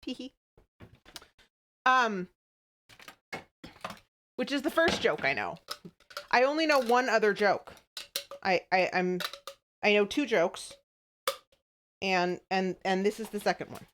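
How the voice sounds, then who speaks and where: A woman's voice: mid-range voice, expressive, takes it slowly, pauses often, background noise. A woman streamer telling jokes to her chat in a giggly, rambling way, stopping and restarting often. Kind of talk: casual joke-telling to a live chat.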